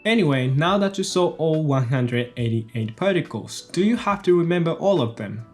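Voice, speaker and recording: Man, language teacher, fairly high, lively intonation, step-by-step explaining. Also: moderate pace, faint music behind. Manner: explains step by step, repeats each example sentence twice. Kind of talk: explanatory video lesson.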